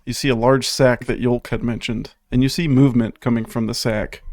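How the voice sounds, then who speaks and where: A man running a tabletop game as game master, narrating scenes and calling for rolls in a relaxed way. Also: mid-range voice, a little fast, dry recording, clean studio sound.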